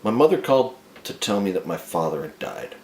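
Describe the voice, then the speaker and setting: A man telling a dark, comic story about himself in a crude, profane, rambling way. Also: sits low, sing-song, a little fast, vocal fry, echoey room.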